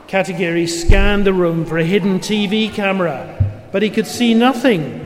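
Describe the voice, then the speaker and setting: High-voiced man reading a story. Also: normal speed. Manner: clear, steady storytelling with asides. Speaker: reader. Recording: roomy with long reverb, faint noise.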